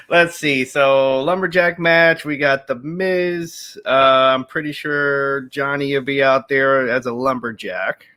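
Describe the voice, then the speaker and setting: A man co-hosting a podcast, laid-back and quick to laugh, talking through his thoughts with many fillers. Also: medium pitch, sharp tone. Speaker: podcast co-host. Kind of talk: casual chat.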